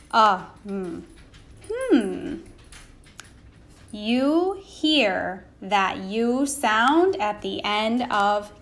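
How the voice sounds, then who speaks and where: A woman teaching a recorded phonics lesson to young children, sounding out words slowly and patiently, asking questions and waiting for answers. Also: mid-range voice. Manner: slow, sounding out words letter by letter.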